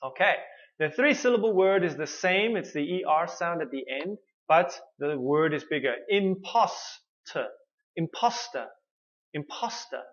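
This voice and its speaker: A man teaching English pronunciation, modelling words slowly and repeating each one with exaggerated mouth shapes. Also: fairly high pitch, a bit bright, highs cut off. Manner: slow, drawn-out modelling of words with many repeats. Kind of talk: pronunciation lesson.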